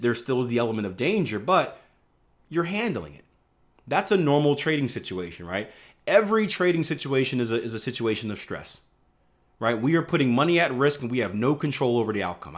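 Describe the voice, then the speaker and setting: This trading instructor, a man from the Northeastern US with a mid-range voice, leads a live online class in a chatty style. He keeps asking "right?" and impersonates traders in a panic.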